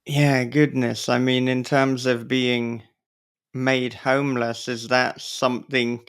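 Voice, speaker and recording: Slow, gravelly host. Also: male voice, mid-range voice, little pitch movement, a bit bright. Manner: hesitant, sympathetic questioning. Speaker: podcast host. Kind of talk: gentle interview question.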